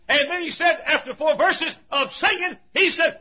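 An older man preaching a sermon, telling stories with animated swings between loud proclaiming and hushed asides. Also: very high-pitched, moderate pace, few pauses. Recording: dull lo-fi old recording.

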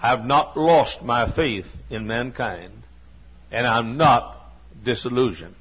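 Preaching from the sanctuary, a man in his sixties serves as pastor, weaving folksy personal anecdotes into an earnest sermon while often restarting and coughing. He talks slowly in a husky, medium-pitched voice, and the sermon recording is dull and lo-fi.

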